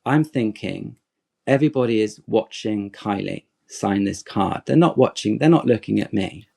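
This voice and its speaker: A man in his forties with a low, gravelly voice, telling an animated, rambling story on a podcast. He acts out the lines of the people in his tale and wanders off on tangents before returning to the point. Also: normal speed. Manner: animated, digressive anecdote with acted-out quotes.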